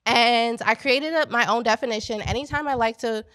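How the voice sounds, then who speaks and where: A middle-aged woman from Pennsylvania, a business founder, telling a lively story to a live audience and talking straight to the crowd. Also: fairly high pitch, moderate pace, no echo. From Pennsylvania, USA. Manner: animated, chatty, addresses the crowd directly. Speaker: business founder speaking at an event. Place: event space at a coworking venue.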